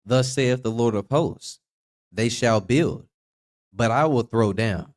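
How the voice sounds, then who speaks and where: A man reading Bible verses aloud slowly and deliberately, adding short agreements between passages. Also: medium pitch, darkish tone. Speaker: scripture reader.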